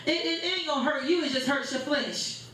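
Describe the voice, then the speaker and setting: A woman pastor delivers a sermon, her voice sitting high. She preaches in rhythmic phrases that draw answers from the congregation. The sound rings with heavy echo off the church walls. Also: fairly quick, sharp tone. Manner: rhythmic preaching with call-and-response. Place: church sanctuary. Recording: very echoey church room.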